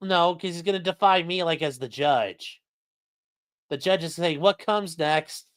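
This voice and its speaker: A man's voice: a little high, moderate pace, fairly bright tone, dry recording, clean studio sound. A man with a Great Lakes American accent hosting a casual livestream, rambling as he reads viewer comments aloud. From Midwestern United States. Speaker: livestream host. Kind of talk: casual livestream chat reading super chats.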